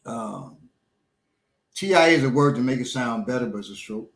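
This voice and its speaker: A middle-aged man hosting a casual talk show, his words slightly slurred as he recovers from a small stroke. He speaks haltingly, stopping often and filling gaps with ums and uhs. The room around him rings with echo. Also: medium pitch, animated, creaky. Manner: halting, many pauses and fillers. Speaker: podcast host and instructor. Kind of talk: casual chat.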